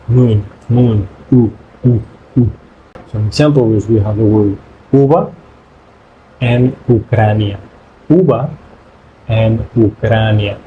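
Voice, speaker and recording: A man whose first language is Spanish, teaching pronunciation in English by repeating syllables in slow drills. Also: lowish voice, narrow, tinny audio, a little hiss or hum. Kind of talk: pronunciation lesson.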